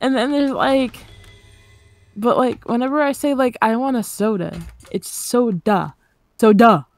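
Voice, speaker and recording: A woman's voice: high voice, lively intonation, darkish tone, dry recording. A woman chatting playfully and teasing while co-commentating a fighting game stream. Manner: playful, teasing, talks in quick bursts. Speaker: esports co-commentator. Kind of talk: casual color commentary and chat.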